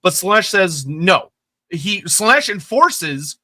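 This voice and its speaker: A man's voice: high-pitched, animated, normal speed, pushed and bright. A man co-hosting a podcast, talking lore enthusiastically and bluntly, with casual swearing. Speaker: podcast co-host.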